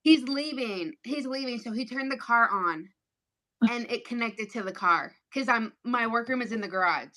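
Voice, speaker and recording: Rambling woman sewist with a high voice. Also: expressive, normal speed, sharp tone. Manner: rambling, filler-heavy, forgetful. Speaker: guest sewist. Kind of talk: casual chat while sewing. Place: converted garage workroom.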